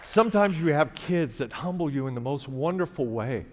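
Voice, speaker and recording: A faint crowd can be heard as a middle-aged man spins a wry, conversational comic tale on a theater stage. His fairly high, darkish voice moves at a moderate pace with lively intonation, picked up by a stage mic amid long reverb and faint hiss.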